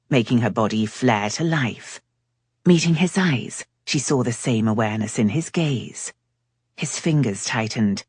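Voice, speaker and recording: Romance audiobook reader: woman, low pitch, dry close sound. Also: a little mellow, slightly rough, no echo. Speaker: audiobook narrator. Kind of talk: scripted narration.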